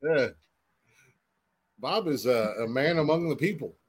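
A man's voice: fairly high pitch, animated, a little slow, a little hiss or hum. A man hosting a comedy podcast, reading odd news headlines and riffing with swearing and laughter. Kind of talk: casual comedy chat.

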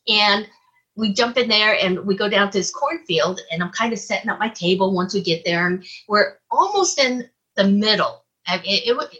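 A woman casually recounting a personal encounter as an investigator, animated and acting out her own reactions. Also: medium pitch, husky, poor audio. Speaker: guest, UFO investigator. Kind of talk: casual storytelling.

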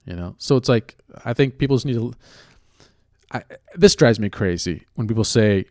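Give me a man with a lowish voice, recorded dry, ranting bluntly with lots of swearing. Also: fairly quick, a little mellow, no room sound. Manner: profane, blunt, self-questioning. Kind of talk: casual rant.

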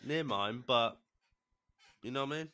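A man co-hosting a casual chat show and acting as DJ, easygoing and quick to giggle, with lots of "yeah" fillers. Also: mid-range voice, bright, forceful tone. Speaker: co-host and DJ.

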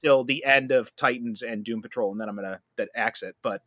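A man who is a podcast guest, chatting casually as an animated storyteller who laughs often. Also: mid-range voice, fast, no room sound. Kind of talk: casual chat.

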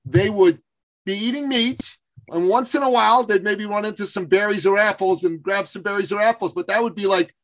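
A man's voice: high-pitched, a little fast, fairly bright tone. A man in his fifties hosting a podcast interview, talking earnestly with frequent hesitations. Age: 50s. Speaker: podcast host. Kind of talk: casual interview chat.

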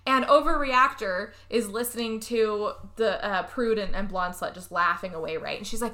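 A woman's voice: medium pitch, fairly quick, few pauses. A woman co-hosting a casual chat, recapping a movie with lots of acted-out voices. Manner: animated, acts out characters' lines. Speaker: podcast co-host recapping a movie.

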